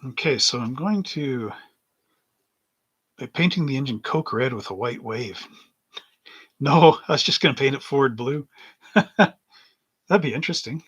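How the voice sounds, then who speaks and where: A man's voice: medium pitch, expressive, unhurried, pauses often, fairly bright tone, slightly rough, muffled recording. A middle-aged man hosting a model-building livestream, rambling through anecdotes in casual chat and chuckling often as he works at his bench.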